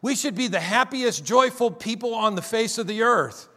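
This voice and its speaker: A man preaching a sermon as pastor, repeating and stretching key words for emphasis, sometimes dropping to a quiet, weary tone. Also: extremely high pitch. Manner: emphatic, repetitive preaching with drawn-out stressed words; drops to quiet, weary tones mocking tired believers.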